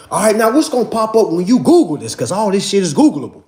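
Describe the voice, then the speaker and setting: Man, high lively voice, preachy and repetitive, livestream lecture, echoey room. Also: normal speed, few pauses. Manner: preachy, repetitive, calls viewers "family" and "y'all". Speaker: livestream host teaching a finance class.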